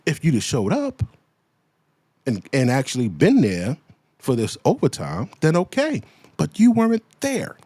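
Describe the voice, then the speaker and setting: A man's voice: on the high side, huge pitch swings, measured pace, mellow, slightly rough, no echo. A man giving a profane, ranting commentary, hammering at the same point with repeated pointed questions. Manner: profane, heated, repeats himself.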